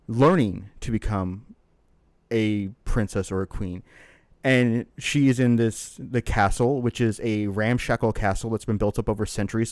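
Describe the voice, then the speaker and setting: A man co-hosting a casual podcast, telling a long, rambling story in an animated way. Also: medium pitch, no echo, clean studio sound. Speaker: podcast co-host.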